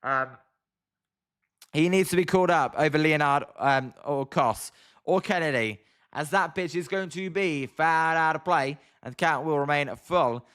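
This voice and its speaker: A man's voice: a little high, normal speed, fairly bright tone, clear, resonant tone. A British man hosting a casual live baseball watch-along, chatting with viewers between calls of the play. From Britain. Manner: chatty, answers viewer chat messages. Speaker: livestream host.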